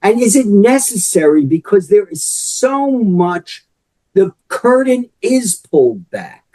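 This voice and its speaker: A man's voice: high-pitched, big pitch swings, slow, mellow, no room sound, low-quality recording. A man, an author and wrestling historian, talking as a guest on a podcast in a chatty, explanatory way. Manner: chatty, explanatory, with frequent "you know". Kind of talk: podcast interview.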